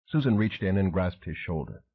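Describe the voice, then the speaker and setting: A man's voice: sits low, big pitch swings, normal speed. A man narrating an audiobook thriller with dramatic storytelling. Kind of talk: scripted narration. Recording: tinny phone-like audio.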